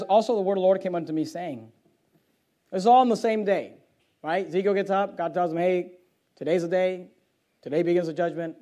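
A man preaching a sermon who reads scripture aloud and explains it verse by verse, building to loud emphatic passages and then dropping low and quiet. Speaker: pastor.

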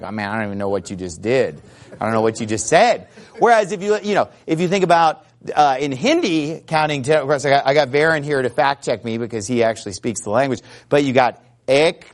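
A man giving a chatty, informal lecture to a class, animated and fond of imitating sounds. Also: mid-range voice. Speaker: teacher. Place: Arizona.

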